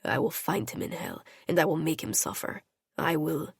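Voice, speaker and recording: A woman putting on a gravelly mafia husband. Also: moderate pace, no room sound, heavily acted. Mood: vengeful. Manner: low, gravelly and tender. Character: brooding dangerous male mafia husband.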